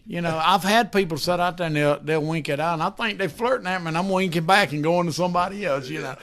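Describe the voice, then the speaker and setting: A man, a guest auctioneer talking in a rambling, folksy way. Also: on the high side. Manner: rambling, folksy, breaks into fast loud auction chant. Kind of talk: casual chat.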